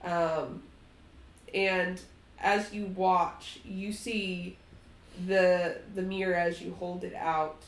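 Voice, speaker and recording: A woman narrating a tabletop game as game master, slow and halting. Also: fairly low pitch, level tone. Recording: roomy echo.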